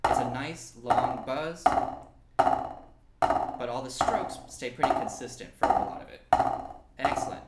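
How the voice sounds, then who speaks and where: A man's voice: mid-range voice, unhurried, long pauses, reverberant, heavy background noise. A young man from New Mexico teaching an online snare drum lesson, encouraging and counting aloud as he plays along. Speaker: percussion teacher. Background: snare drum and practice pad playing.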